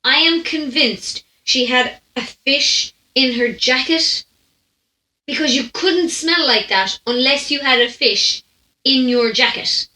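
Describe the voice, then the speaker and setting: A woman's voice: high voice, slow pace, pushed and bright. A young Irish woman hosting a storytime podcast, chatting animatedly, laughing often and breaking off mid-sentence. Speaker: podcast host. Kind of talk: storytime anecdote chat. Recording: roomy echo.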